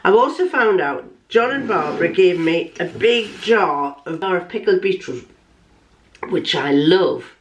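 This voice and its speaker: A woman's voice: on the low side, lively intonation, normal speed, hardly any pauses, lo-fi sound, a little hiss or hum. An older woman vlogging, chatting casually in a rambling way with many restarts. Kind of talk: casual chat.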